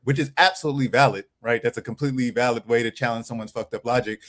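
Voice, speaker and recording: A man's voice: medium pitch, quick pace, few pauses, a bit bright. A man hosting a casual talk show, speaking frankly and with animation. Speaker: host. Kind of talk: casual chat.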